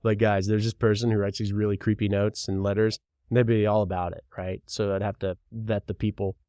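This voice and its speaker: A young man with a mild Kentucky accent talks through a solo podcast, loose and rambling, dropping the odd swear word. His voice sits low. The sound is dry and close, with almost no room around it. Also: little pitch movement, a little fast, mellow, dry recording. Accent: mild Kentucky Southern. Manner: rambling, frank, swears casually. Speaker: podcast host. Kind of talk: casual solo podcast talk.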